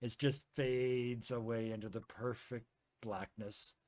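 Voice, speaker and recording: A man's voice: mid-range voice, fairly even intonation, slow pace, a little mellow, dry recording. A man narrating as game master of a tabletop game, vivid and playful with sound effects.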